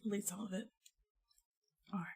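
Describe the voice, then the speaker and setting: A woman's voice: medium pitch, fairly even intonation, brisk, gravelly, a little mellow, breathy edge. A woman streamer chatting casually with her viewers from home, rambling along and laughing often.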